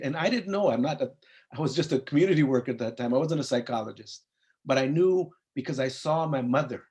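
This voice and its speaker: A psychologist and program founder in his fifties, from Compton, California, earnestly recounts a personal story at a briefing and acts out the dialogue. His medium-pitched voice moves a little fast with a darkish tone.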